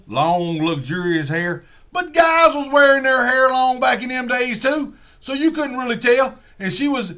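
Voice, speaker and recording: A man's voice: extremely high pitch, bright, forceful tone. A man telling a rambling, profane, folksy comic story with many digressions. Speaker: comedian.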